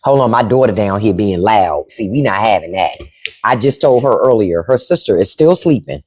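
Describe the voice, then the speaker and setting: A woman's voice: extremely low pitch, lively intonation, normal speed, darkish tone, husky. A middle-aged woman hosting a casual livestream from home into a microphone, acting out quoted voices as she talks. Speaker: livestream host.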